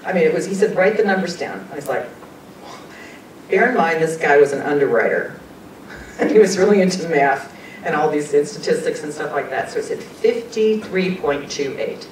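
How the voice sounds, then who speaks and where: A woman's voice: animated, a little fast, long pauses. Woman telling a story, echoey and distant. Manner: earnest, conversational, often laughs and quotes people. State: emotional, choking up at times. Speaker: guest speaker sharing personal experiences. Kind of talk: personal storytelling talk. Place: meeting room at a talk. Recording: far-off echoey room with rumble.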